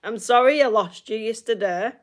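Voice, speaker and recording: A woman's voice: on the high side, normal speed. A woman from the north of England with a Northern English accent, chatting casually with viewers on a livestream, laughing often and repeating herself. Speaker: livestream host.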